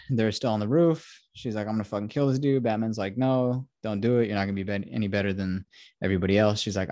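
A male podcast host rambles through a movie recap, swearing freely and acting out the lines. His voice sits a little low. The sound is dry and close. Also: a little mellow, no echo. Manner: profane, rambling, quotes characters.

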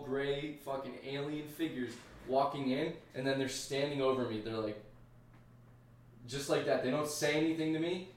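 Swearing man telling a story in an echoey room. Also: medium pitch. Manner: profane, rambling, acts out his own reactions. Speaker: podcast co-host, Army veteran. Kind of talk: casual storytelling. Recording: echoey room, distant mic.

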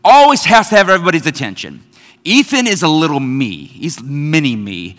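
A middle-aged man delivers a sermon with animated storytelling, slipping into family voices. His voice sits a bit high and rings bright and forceful. A long reverb from the church hall trails every phrase. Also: a little fast. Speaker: pastor.

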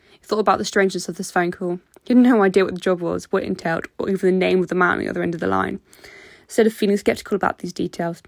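A woman narrating a fan fiction story in a steady storytelling voice. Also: lowish voice, creaky, no echo. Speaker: reader.

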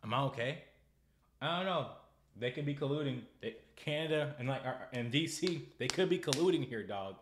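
A young American man hosting political commentary, ranting in a sarcastic, heated way with loud bursts and halting restarts. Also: medium pitch, expressive, reverberant, background noise. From United States. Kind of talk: casual commentary, ranting to camera.

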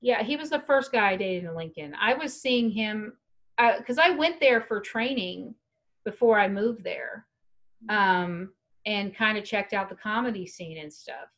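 A woman's voice: medium pitch, animated, measured pace, a bit bright. A young adult woman telling a long, frank, rambling story in casual chat, laughing now and then. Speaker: guest storyteller.

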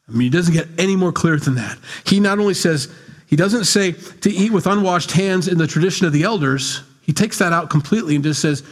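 A man's voice: on the high side, fast talker. A man preaching a sermon, reading scripture and explaining it in a blunt, conversational, teasing way. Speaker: pastor.

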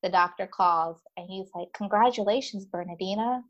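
A woman at a middle pitch, speaking as a guest and recounting her own story in casual conversation. She is chatty and animated, full of fillers and quick quoted voices of other people. The recording is a little dull and muffled.

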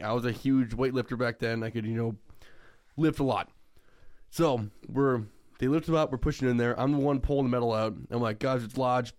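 A young podcast co-host tells a casual story, laughing often and swearing a lot. His voice is mid-range with a darkish tone.

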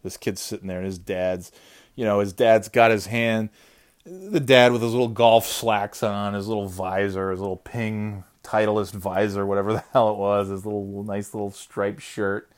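A man telling a comic story in a lively, mocking manner, swearing often. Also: on the low side, normal speed. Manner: animated, swears a lot, mocking. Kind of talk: profane comedic storytelling.

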